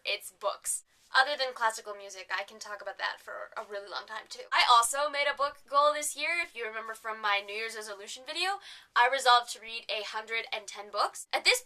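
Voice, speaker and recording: A woman's voice: on the high side, sharp tone, poor audio. A young woman from Canada vlogging about books in a chatty, enthusiastic way with playful asides. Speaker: book vlogger. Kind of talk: casual vlog.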